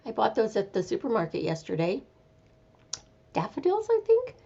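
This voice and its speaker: A woman's voice: a little high, wildly swooping pitch, normal speed, creaky, dark tone, breathy edge, muffled recording. A woman hosting a casual live chat from home, chatty and meandering, with an easygoing manner. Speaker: live stream host.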